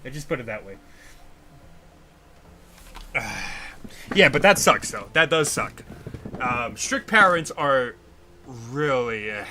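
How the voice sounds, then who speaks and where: A man's voice: medium pitch, animated, takes it slowly, long pauses, pushed and bright. Swearing, rambling young man streamer. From United States. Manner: rambling, heavy swearing, ranting. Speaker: livestream host. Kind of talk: casual livestream chat.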